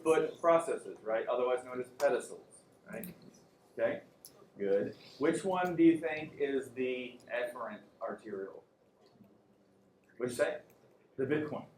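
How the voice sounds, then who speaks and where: Man, classroom lecture, casual and joking, quizzes students, middle pitch, echoey room. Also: lively intonation, measured pace, long pauses, a little mellow, slight background noise. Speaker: anatomy and physiology instructor.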